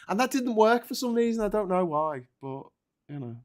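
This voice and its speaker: A man's voice: high-pitched, very animated, moderate pace. A man co-hosting a casual political chat show, talking in a wry, sarcastic way.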